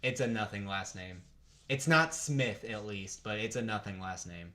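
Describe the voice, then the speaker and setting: A man hosting a casual live fight stream, chatting with his viewers, thinking out loud and laughing often. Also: on the low side, moderate pace.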